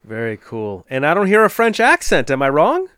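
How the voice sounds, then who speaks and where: A man's voice: fairly high pitch, huge pitch swings, moderate pace, heavy background noise. A man co-hosting a movie podcast, joking and playful. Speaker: podcast co-host. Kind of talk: casual chat.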